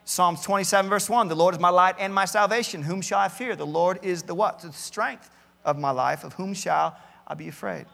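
A man's voice: high-pitched, fairly quick, vocal fry, fairly bright tone, big-room sound. A male pastor preaching a sermon, earnestly reading out many Bible verses and often repeating words as he starts a thought. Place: church campus, large hall.

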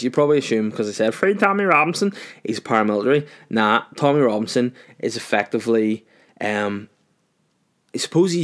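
A podcast host in his thirties with a Northern Irish accent rants casually and profanely on his solo show, rambling as he goes. His voice is mid-range with a darkish tone.

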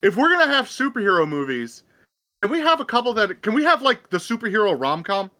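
Lively, higher-voiced man chatting films. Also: quick pace. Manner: animated, stammers through restarts. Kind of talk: casual chat about films.

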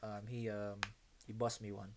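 A man's voice: on the low side, normal speed, background noise. A man telling stories in casual chat, full of slang and swearing. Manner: animated storyteller, heavy street slang and swearing.

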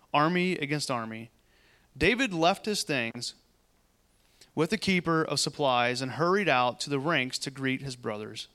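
A man preaching a sermon, reading scripture aloud and breaking off into quick, conversational asides. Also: fairly high pitch, pushed and bright, smooth. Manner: conversational, quick asides between read passages.

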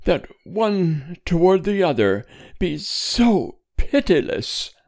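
A woman's voice: on the low side, very animated, slow, darkish tone, voice pushed up, heavily acted. A man reading a story voices a middle-aged priest's wife who talks in a timid, pleading way through her sobs. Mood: reproachful. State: sobbing.

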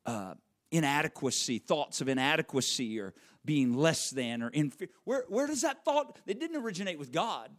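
Brief: male pastor mid-sermon, fairly high voice that swoops a lot, animated, repeats lines for emphasis. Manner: animated preaching, repeats key phrases, quick asides to the congregation.

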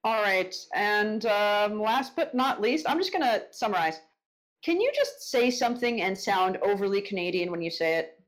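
A woman's voice: medium pitch, animated, normal speed, rough recording. A woman co-hosting a podcast in casual chat, teasing her guest and steering him along. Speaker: podcast co-host.

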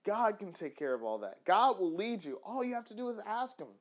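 A man hosting a faith-based podcast, talking in an animated way with frequent restarts. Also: high voice, a little fast. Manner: animated, acts out little dialogues, frequent restarts. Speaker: podcast host.

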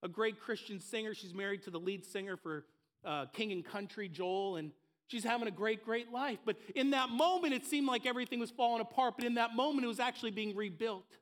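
Male pastor, high tenor voice, emphatic repetition. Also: a little fast. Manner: building to impassioned, emphatic repetition. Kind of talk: sermon. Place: church service.

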